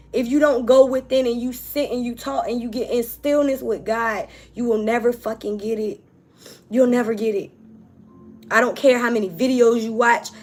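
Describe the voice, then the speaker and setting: A woman's voice: a little high, darkish tone. Emphatic woman tarot reader. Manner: emphatic, casual, talks straight to viewers. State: tearful, on the verge of crying. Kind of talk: spiritual tarot reading to viewers.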